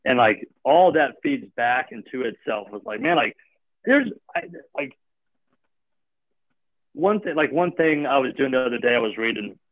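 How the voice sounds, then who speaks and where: A man's voice: medium pitch, expressive, normal speed, dry recording. Man, guest, casual rambling talk, many fillers, thin phone-line sound. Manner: rambling, heavy with filler words and restarts. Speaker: gym owner or coach. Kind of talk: casual chat. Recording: tinny phone-like line, dry.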